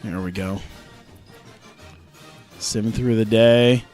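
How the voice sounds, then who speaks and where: A man's voice: on the low side, fairly even intonation, very slow, a little mellow, soft background music. Sarcastic rambling male streamer. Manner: rambling, sarcastic, laughs often. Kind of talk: casual gameplay commentary.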